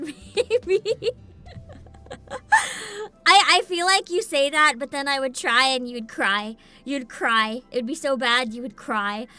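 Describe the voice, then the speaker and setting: A woman's voice: high voice, pushed and bright. A young woman streaming a story game, chatting casually and playfully with her viewers and giggling often. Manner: giggly, playful, talks to chat. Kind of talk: casual livestream chat. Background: faint game music.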